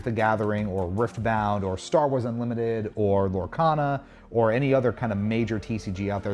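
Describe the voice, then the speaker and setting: The host's voice sits fairly low and a little mellow as he chats his way through a convention show floor on a casual livestream. Rambling and talking with viewers, he keeps restarting and tossing in asides.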